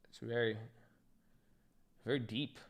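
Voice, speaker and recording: Slow and steady, with a mid-range voice, a young live streamer from Southern California chats with viewers from his computer indoors. He reads their messages and keeps things joking, slangy, and profane.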